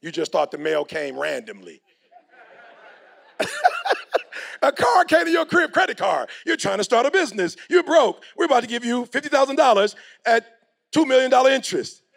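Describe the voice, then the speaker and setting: A man's voice: very high-pitched, very animated, moderate pace, gravelly, long pauses, fairly bright tone. A middle-aged man giving a motivational speech in a preachy, slangy way, acting out the people he quotes. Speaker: motivational speaker.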